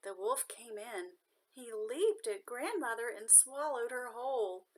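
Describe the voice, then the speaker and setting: Woman storyteller, gentle, expressive children's read-aloud. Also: fairly high pitch, a little slow, low-quality recording. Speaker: storyteller nanny.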